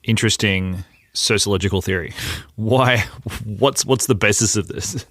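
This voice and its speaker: A man hosting an interview podcast, asking curious, quick follow-up questions. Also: on the low side, a bit bright, no room sound, studio quality. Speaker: podcast host.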